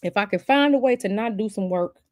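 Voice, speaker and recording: A woman's voice: medium pitch, lively intonation, fairly quick, no room sound, studio quality. A woman hosting a casual livestream, chatty and sassy, calling her viewers y'all and baby. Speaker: livestream host.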